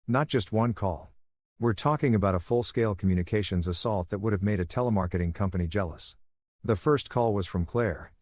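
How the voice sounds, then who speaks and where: A man with a lowish voice tells a first-person story in a calm, even, soothing way. The sound is dry and close, with no room around him. His delivery is steady and scripted. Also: no room sound.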